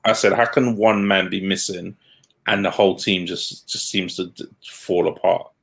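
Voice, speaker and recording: Low gravelly man, blunt. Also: fairly even intonation, normal speed, a bit bright. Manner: blunt, laughs at his own points. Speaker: podcast co-host. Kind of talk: casual football chat.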